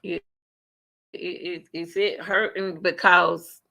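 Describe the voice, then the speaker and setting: Gravelly bright-voiced man reacting live. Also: high voice, slow. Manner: animated, talks straight to chat. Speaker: commentary streamer.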